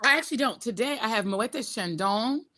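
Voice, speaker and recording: Bright, animated middle-aged woman co-host. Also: fairly high pitch, normal speed, dry recording. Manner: animated, joking storyteller. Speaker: podcast co-host. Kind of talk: casual chat.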